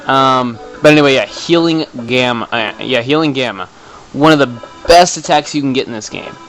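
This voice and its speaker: A man giving chatty, excitable commentary while playing a video game, tossing in the odd swear for effect. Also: medium pitch, moderate pace, soft background music, low-quality recording. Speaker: let's play host. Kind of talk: casual gameplay commentary.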